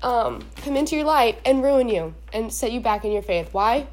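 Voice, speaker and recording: On a casual faith advice podcast, a young woman with a slightly high, expressive and somewhat mellow voice talks directly to listeners at normal speed. Her talk is part pep talk and part sermon, chatty and preachy. She rambles and keeps checking in with "okay?" between points.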